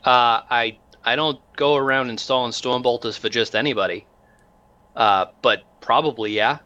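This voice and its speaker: A man voicing a gruff, cursing cyborg lieutenant in a tabletop game. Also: medium pitch, normal speed, bright, forceful tone, dull audio, natural voice. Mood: brusque. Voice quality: brusque and swearing. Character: gruff cyborg male guard lieutenant, brusque.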